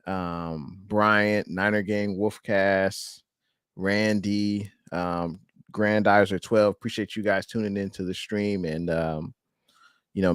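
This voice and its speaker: A man's voice: on the low side, no echo, studio quality. A man hosting a casual sports chat on a live stream, talking loosely with fillers and reading out names from the chat. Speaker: podcast host.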